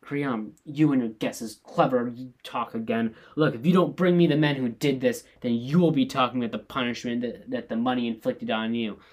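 A man's voice: medium pitch, fairly even intonation, moderate pace, hardly any pauses, natural voice. A man reading as a wrathful, commanding king. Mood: scornful. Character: blustering angry male king.

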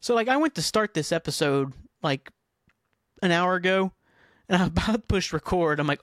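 A man's voice: sits high, sing-song, moderate pace, fairly bright tone, no echo, clean studio sound. A middle-aged man hosting a solo podcast, chatting in a scattered, self-mocking, profane way. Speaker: podcast host. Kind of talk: rambling solo podcast chat.

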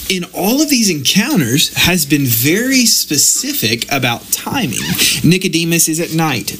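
A man of middle pitch leads an informal daily devotional. He speaks earnestly and conversationally, and mixes frank personal admissions into his reflections. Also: fairly bright tone. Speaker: devotional leader.

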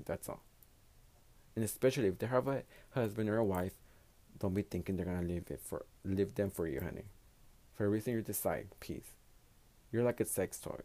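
Speaking English as a native Spanish speaker, this podcast host has a low, gravelly, dark-toned voice. Alone on the mic, he rambles through blunt advice laced with profanity.

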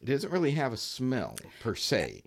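A man's voice: medium pitch, wildly swooping pitch, moderate pace, gravelly. Man co-host, jokey, bouncy voice that swings up and down a lot. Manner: playful, jokey. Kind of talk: casual chat.

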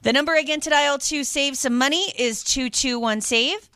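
A chatty woman radio host with a bright, forward voice that sits a little high. She rambles casually between sales calls and fills her talk with "like" and "um." The sound is close and dry, straight from a studio mic. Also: normal speed, dry recording. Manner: chatty and rambling, with many fillers. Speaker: radio shopping show host.

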